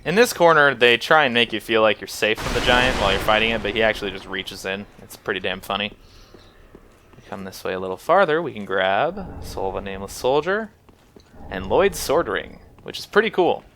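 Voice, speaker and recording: A young man narrates his gameplay in an easygoing, joking way, chatting at enemies and tossing in silly sound effects. His voice is bright and forceful, and there's a faint hum of room noise behind him. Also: on the low side, expressive, brisk. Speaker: game guide host. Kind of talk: casual gameplay commentary.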